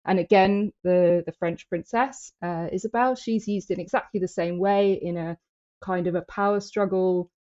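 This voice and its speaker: A woman's voice: lowish voice, fairly even intonation, normal speed, darkish tone. A woman co-hosting a casual film discussion, talking thoughtfully with hesitations. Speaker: podcast co-host. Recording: dull lo-fi audio.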